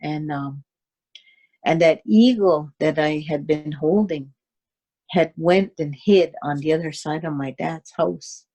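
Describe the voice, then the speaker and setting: Slow, soft-spoken woman telling a story. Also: sits low. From Cayuga Nation, Six Nations of the Grand River, Canada. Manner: halting, with many fillers and restarts. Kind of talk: slow, unhurried personal storytelling.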